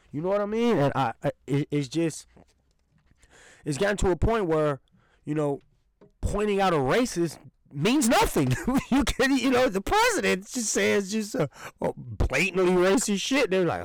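Young male podcast host, profane and sarcastic rant, very lively swings in pitch, dry close sound. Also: no room sound, poor audio. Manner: indignant, sarcastic, profane, laughs while ranting. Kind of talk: ranting solo podcast commentary.

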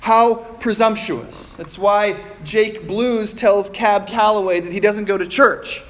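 A man preaching a sermon as pastor, measured and deliberate, often posing rhetorical questions to the congregation. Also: sits high.

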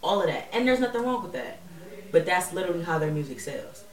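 A woman co-hosting a podcast in casual chat, talking in an animated, slangy way and laughing often. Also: lowish voice, fast talker, reverberant, far from the mic. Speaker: podcast co-host.

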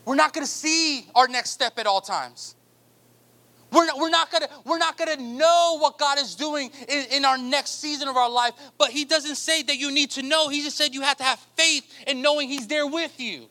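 High, bright-voiced male preacher. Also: moderate pace. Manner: emphatic, rhetorical questions, animated preaching. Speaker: pastor. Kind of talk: sermon.

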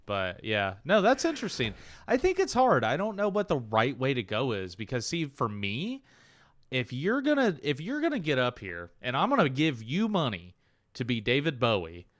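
A man's voice: mid-range voice, huge pitch swings, moderate pace, a bit bright, no echo. A man co-hosting a casual podcast chat, joking and swearing, slipping into silly put-on accents. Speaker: podcast co-host.

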